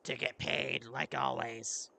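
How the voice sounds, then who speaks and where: A woman voicing a gruff male giant mercenary with a low, drawling voice. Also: slow pace, sharp tone.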